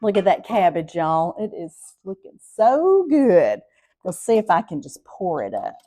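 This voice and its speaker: A woman's voice: lowish voice, big pitch swings, measured pace, mellow, no echo. Southern woman, middle-aged cooking host, homey and chatty, dry close sound. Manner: homey, chatty, addresses viewers as y'all. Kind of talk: casual cooking vlog.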